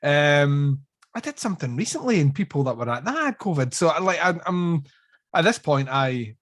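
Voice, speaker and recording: A man's voice: on the high side, very animated, normal speed, a bit bright, dry recording, clean studio sound. A man co-hosting a podcast, chatting casually with wry, trailing remarks. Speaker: podcast co-host. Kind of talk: casual chat.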